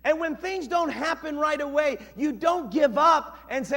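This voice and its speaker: A male pastor preaching a sermon in an animated, dramatic way, acting out scenes with shifting voices. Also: very high voice, moderate pace, creaky. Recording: long reverb of a church hall.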